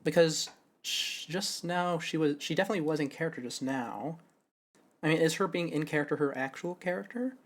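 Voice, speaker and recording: A man's voice: a little high, a little fast. A young man streaming a game live, musing to himself and correcting himself as he works out character voices. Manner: musing, self-correcting, thinking aloud.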